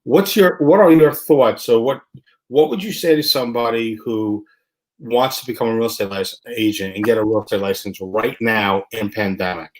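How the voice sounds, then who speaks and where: A man's voice: medium pitch, moderate pace. Conversational man hosting an interview. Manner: conversational, asks follow-up questions. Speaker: interview host. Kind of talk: casual interview talk.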